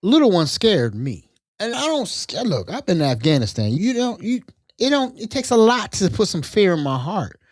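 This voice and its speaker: Animated storytelling man, lively pitch. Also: normal speed, dry recording. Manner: animated, acts out quoted voices. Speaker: podcast host. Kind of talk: casual storytelling.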